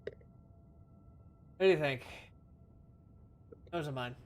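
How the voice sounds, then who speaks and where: A man's voice: on the high side, slow pace. A man playing his character in a tabletop game, profane and playful. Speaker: player. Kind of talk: tabletop role-play in character.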